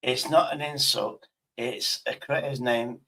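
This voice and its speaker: A man's voice: mid-range voice, fairly even intonation, a little slow, vocal fry, pushed and bright. A man streaming live, chatting in a blunt, rambling way with casual swearing.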